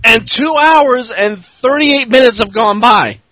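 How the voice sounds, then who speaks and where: Bright high-voiced man, crude and rambling. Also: unhurried, slight background noise, low-quality recording. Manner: profane, rambling, breaks into mock voices. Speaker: podcast host. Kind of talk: casual crude comedic recap chat.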